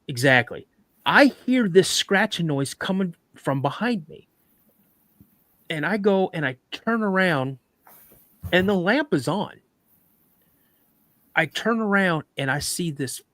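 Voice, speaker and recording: Animated man telling a story. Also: fairly high pitch, no echo. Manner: animated, acts out sounds and voices. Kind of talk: live podcast storytelling.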